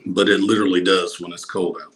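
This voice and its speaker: Laid-back low-voiced co-host, faint noise. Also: male voice, level tone, fast talker, fairly bright tone. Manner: dry, laid-back, short remarks. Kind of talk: casual live stream chat.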